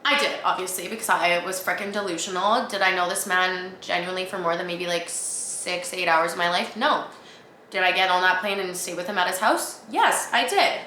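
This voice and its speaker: A young woman from Canada tells a story as a podcast host, chatty and self-mocking, leaning on "like" constantly. Her voice is bright and forceful. The recording is roomy and echoey, with a faint hiss behind her. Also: on the low side, normal speed. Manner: chatty, oversharing, heavy "like" filler, self-mocking. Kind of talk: casual storytelling monologue. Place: apartment room. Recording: echoey room.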